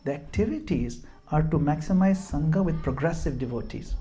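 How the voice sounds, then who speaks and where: A man's voice: a little high, lively intonation, moderate pace, warm tone. Self-mocking storyteller man giving a devotional talk. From Gujarat, India. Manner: storytelling, laughs at himself, mixes in Hindi and Sanskrit verses. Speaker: speaker at a devotional home program. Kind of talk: informal spiritual talk with stories.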